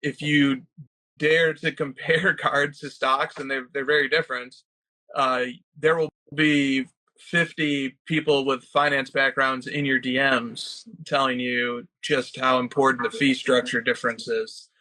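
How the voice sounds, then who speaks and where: Bright-voiced man in casual chat. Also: mid-range voice, flat delivery, measured pace, no room sound, rough recording. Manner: wry, reads out listener questions. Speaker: co-host of a collecting podcast.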